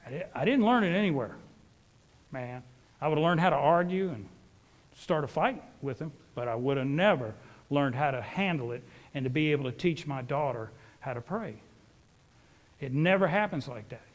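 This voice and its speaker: A man's voice: a little high, expressive, normal speed. A middle-aged man, preaching a sermon as a folksy, rambling storyteller.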